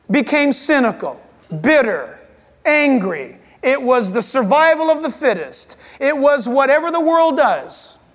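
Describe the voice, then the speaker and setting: High-voiced preacher in a reverberant hall. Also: male voice. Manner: animated, acts out voices and jokes. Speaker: pastor. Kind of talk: sermon. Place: church hall.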